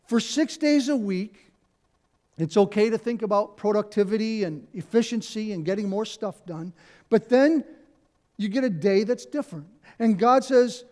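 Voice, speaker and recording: A man's voice: sits high, lively intonation, normal speed, darkish tone. A middle-aged man, a pastor, preaching a conversational sermon in a church, repeating key phrases and adding asides. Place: church sanctuary.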